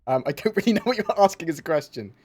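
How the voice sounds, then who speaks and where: A man's voice: fairly high pitch, big pitch swings, fast talker, a little mellow. A man hosting a casual livestream chat, talking in rambling, self-interrupting bursts. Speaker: livestream host.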